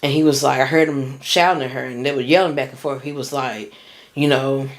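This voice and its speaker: A woman's voice: very deep voice, fairly even intonation, fairly quick. Woman rambling through a personal story. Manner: rambling, full of fillers and restarts, slangy.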